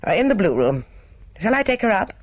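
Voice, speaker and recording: A reader voicing a gaunt, gruff elderly woman who runs a household and scolds brusquely. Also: medium pitch, very animated, brisk, no echo, voice pushed up. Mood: brusque, scolding. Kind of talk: audiobook character reading.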